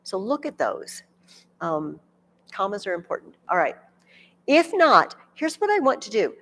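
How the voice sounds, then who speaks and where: A woman teaching a classroom grammar lesson, animated, speaking directly to her students with quick asides. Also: medium pitch, long reverb tail. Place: large classroom with a reverberant sound.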